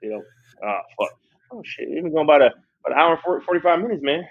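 A young man hosts a podcast in loose, animated chat. His voice is husky and sits a little high. His pitch swings widely, and he swears freely. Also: very fast, highs cut off. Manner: animated, swearing, laughing often. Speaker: podcast host. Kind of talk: casual chat.

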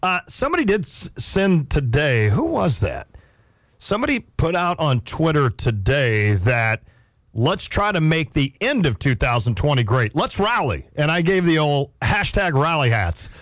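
A man's voice: on the high side, normal speed, dry recording, studio quality. A man in his forties hosting a sports radio show, talking casually and laughing often. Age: 40s. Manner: chatty, laughs often, animated.

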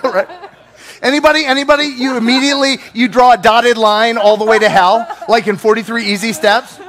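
A male pastor preaching a sermon with personal stories, animated and self-deprecating with humor. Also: extremely high pitch, a little fast.

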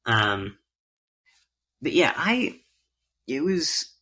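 A man co-hosting a casual podcast chat, seated on his bed at home and making wry, deadpan asides. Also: medium pitch, extremely slow. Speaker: podcast co-host.

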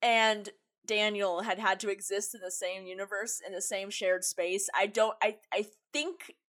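A woman's voice: mid-range voice, fairly even intonation, a little slow, a bit bright, some chatter behind. A woman from Canada co-hosting a podcast in casual chat, sarcastic and casually swearing. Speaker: podcast co-host.

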